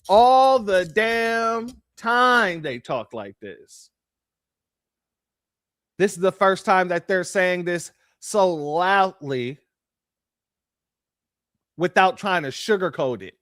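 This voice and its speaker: A man's voice: high-pitched, a bit bright, no echo, clean studio sound. A man hosting reaction commentary, talking bluntly and sardonically to his viewers. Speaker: commentary host.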